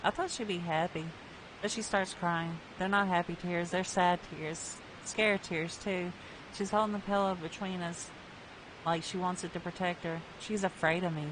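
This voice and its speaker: A woman streamer reading a dark story game aloud in a plain storytelling voice, breaking off for wry asides. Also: lowish voice, fairly even intonation, moderate pace, background noise.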